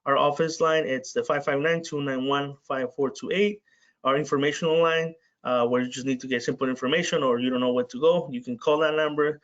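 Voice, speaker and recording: A man in the middle of his range presents on a webinar, halting often with filler sounds between phrases. The audio sounds muffled, as from a video call. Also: medium pitch, fairly even intonation, fairly bright tone. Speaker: presenter for a community organization.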